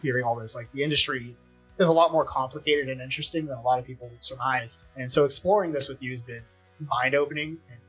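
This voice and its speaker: Brief: male co-host, rapid and jokey, husky tone. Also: medium pitch, a bit bright, soft background music, poor audio. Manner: quick, jokey banter. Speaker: podcast co-host. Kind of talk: casual chat.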